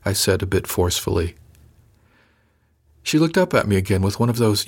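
Calm man narrating an audiobook. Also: lowish voice, moderate pace, pauses often. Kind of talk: first-person audiobook narration.

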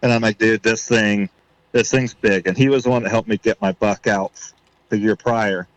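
Excited man telling a story. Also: lowish voice, normal speed, no echo, highs cut off. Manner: excited storyteller, reenacts his own thoughts. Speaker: podcast guest. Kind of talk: casual storytelling.

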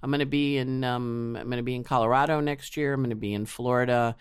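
A woman's voice: a bass voice, fairly even intonation, quick pace, clean tone, no room sound. Chatty woman astrologer, dry sound. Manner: chatty, rambling, many restarts. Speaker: astrologer guest. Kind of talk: casual interview chat.

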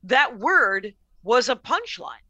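A middle-aged woman comedian tells a rowdy story in a relaxed podcast conversation. Her voice is bright and a touch high, recorded dry and close. She laughs often and swears freely as she talks. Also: slow, dry recording, lo-fi sound. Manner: animated, laughing storyteller with profanity. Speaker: comedian guest.

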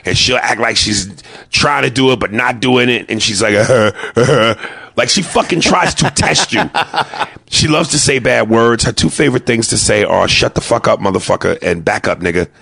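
Gravelly, husky New York comedian. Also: male voice, mid-range voice, no echo. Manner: loud, profane, acts out family members in quick voices. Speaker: stand-up comedian. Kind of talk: stand-up storytelling.

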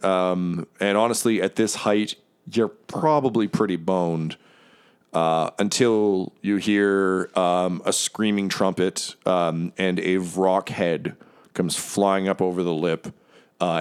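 Male game master, lower voice, loose and improvised narration. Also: clean tone. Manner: loose, rambling, full of fillers.

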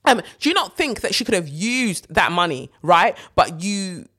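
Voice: mid-range voice, big pitch swings, moderate pace, pushed and bright, slightly rough. A host giving blunt, sarcastic, profane celebrity gossip commentary in a ranting style.

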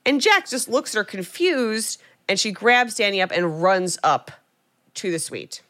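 A young woman co-hosting a podcast, recapping a film in casual chat and acting out quotes with animated storytelling. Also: mid-range voice, a little slow. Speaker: podcast co-host.

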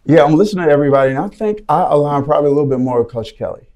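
A man's voice: on the high side, lively intonation, very fast, mellow. A man on a discussion panel, thinking aloud and searching for his words. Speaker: panel guest.

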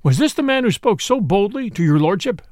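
A man's voice: sits high, sing-song, a little fast, darkish tone, no echo, clean studio sound. A man voicing a jolly outlaw leader who teases with mock gravity, in an audiobook reading. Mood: mock-grave. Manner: teasing and mock-grave.

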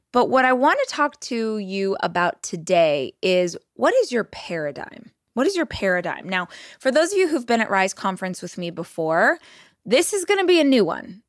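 A woman's voice: medium pitch, no echo. Woman podcaster giving a pep talk, earnest and direct, dry close mic. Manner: earnest, direct, speaks straight to listeners. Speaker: podcast host.

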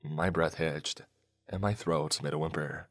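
A man narrating a first-person horror story in a measured, storytelling way. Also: rumbling low, fairly even intonation. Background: faint music.

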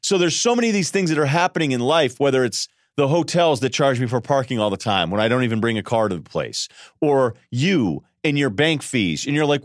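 A man hosting a sports podcast, riffing in an animated, sarcastic solo monologue and mimicking people in quick voices. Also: medium pitch, no room sound, studio quality. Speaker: podcast host.

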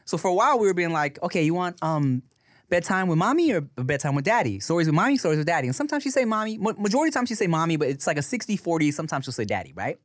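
A man co-hosting a podcast in casual chat, telling animated stories, swearing freely and laughing often. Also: fairly high pitch, racing, dry recording, clean studio sound. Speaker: podcast co-host.

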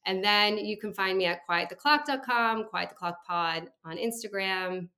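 A woman's voice: medium pitch, moderate pace. A woman in her thirties, a therapist, talking in a casual, reflective interview with lots of fillers. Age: 30s. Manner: warm, reflective, chatty with fillers. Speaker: therapist and podcast guest.

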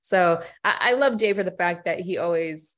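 A woman's voice: fairly low pitch, normal speed, a bit bright. A woman guest on a podcast, talking earnestly in long rambling stretches with restarts and laughs. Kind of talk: casual chat.

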